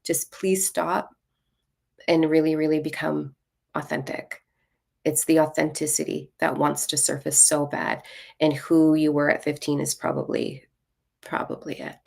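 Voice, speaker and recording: Low, gravelly-voiced woman ranting bluntly. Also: flat delivery, unhurried, a little mellow. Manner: blunt, ranting, swears freely; self-mocking and playful. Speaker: spiritual reader and live-stream host. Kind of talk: casual live-stream card reading.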